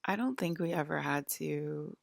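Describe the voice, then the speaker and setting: A woman's voice: low voice, moderate pace, gravelly, dry recording, studio quality. A woman in a rambling personal monologue, leaning heavily on "like" as she talks. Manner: rambling, heavy use of "like". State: close to tears.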